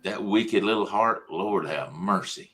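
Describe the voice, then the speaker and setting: A middle-aged man with a very low voice that still has a sharp, bright edge. He teases the others on a casual stream and laughs often. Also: measured pace. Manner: teasing, jokey, laughs often. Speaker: co-host. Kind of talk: casual livestream chat.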